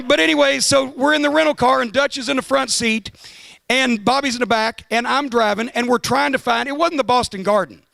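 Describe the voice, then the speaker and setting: A man giving a profane, sardonic roast speech, telling a comic road story with building excitement. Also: extremely high pitch, normal speed, gravelly, no room sound. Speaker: roast guest of honor.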